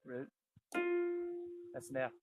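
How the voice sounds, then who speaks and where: A man giving a casual ear-training lesson at the piano, naming the notes he plays and thinking aloud as he goes. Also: slow pace. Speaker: piano teacher. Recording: piano loud behind voice. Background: piano playing.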